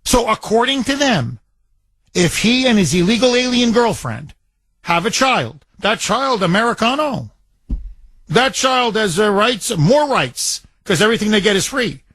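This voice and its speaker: A man's voice: high-pitched, very animated, measured pace, fairly bright tone, no room sound. A man hosting a political talk radio show, ranting in an indignant, emphatic way into a studio mic.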